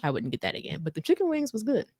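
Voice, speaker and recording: Animated woman on a podcast, acts out quotes, dry close sound. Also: rapid-fire, no room sound. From United States. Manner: animated, slangy, acts out quotes with big pitch jumps. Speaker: podcast co-host. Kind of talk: casual storytelling chat.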